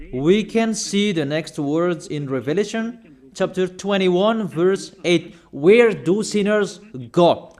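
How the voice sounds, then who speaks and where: A man preaching a sermon, insistent and repeating phrases slowly for emphasis. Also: high-pitched, darkish tone.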